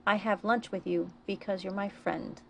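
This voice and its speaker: Reader-voiced figure: woman doing calm, coaxing male friend, faint gravel. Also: mid-range voice, moderate pace, slight background noise. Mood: earnest.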